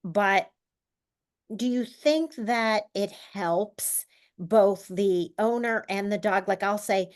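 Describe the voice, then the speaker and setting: A woman's voice: medium pitch, takes it slowly. A woman hosting a podcast, chatty and self-deprecating, laughing often as she asks questions. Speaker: podcast host. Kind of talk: casual podcast chat.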